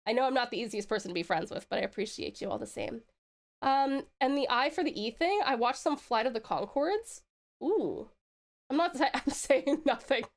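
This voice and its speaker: A woman's voice: sits high, normal speed. An Australian woman streaming live, chatting casually, giggling and reading out chat messages. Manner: giggly, excitable, swearing, reads chat aloud.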